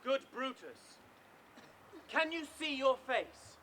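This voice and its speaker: A man's voice: very high voice, very animated, takes it slowly, sharp tone, slight background noise, heavily acted. A man playing Cassius as a scheming, persuasive Roman nobleman who probes and coaxes, in open-air comic Shakespeare. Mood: coaxing. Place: outdoor stage before an audience.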